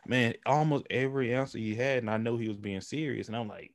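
Telling stories on his podcast, this male host does voices of his relatives, laughs a lot, and keeps the casual conversation loose and rambling. He has a mid-range voice with fairly even intonation and a quick pace, in clean studio sound without echo.

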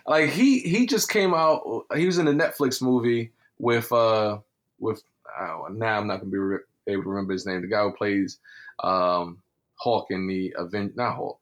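Man co-host, slangy and halting. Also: lowish voice. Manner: slangy, hesitant, loses his words. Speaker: podcast co-host. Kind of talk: casual chat.

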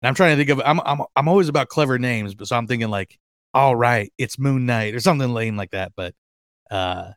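A man hosting a fan podcast in casual chat, excitable and rambling, with lots of fillers and restarts. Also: mid-range voice, quick pace, no room sound, studio quality. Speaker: podcast host.

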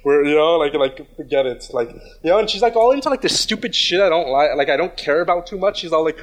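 A man's voice: a little high, animated, fast. A man telling a story in casual chat, rambling with lots of fillers and restarts, crude and blunt.

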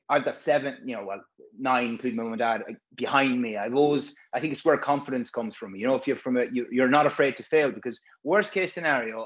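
A man's voice: medium pitch, highs cut off. A man, a physio course presenter, chatting casually and frankly, rambling and swearing freely. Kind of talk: casual podcast chat.

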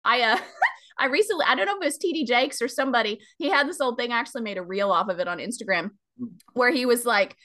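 Bright upbeat woman host. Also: on the high side, lively intonation, fast talker, faint music behind. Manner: upbeat, chatty, laughs often. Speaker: podcast host and stylist. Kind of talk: casual podcast talk with ad read.

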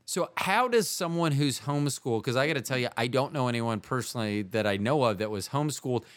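A man's voice: mid-range voice, expressive, fast, clear, resonant tone, no echo. Rambling man hosting a podcast. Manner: rambling, self-correcting questions with goofy jokes. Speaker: podcast host. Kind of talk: casual interview.

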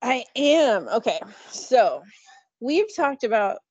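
A woman's voice: on the high side, very animated, takes it slowly, darkish tone, slightly rough, no echo. Playful laughing woman, dull dry sound. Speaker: podcast co-host. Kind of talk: casual chat.

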